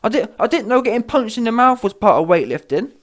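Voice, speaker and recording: Baffled, whiny big male boxer, a man's mocking impression, voice raised higher. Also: sing-song, fast talker, fairly bright tone. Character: bewildered male heavyweight boxer, mocked.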